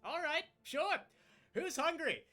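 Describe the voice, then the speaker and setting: A man's voice: high voice, big pitch swings, moderate pace, pushed and bright, heavily acted. A man voicing a flirtatious, carefree fae princess with a playful, laughing manner in a tabletop game. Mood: breezy.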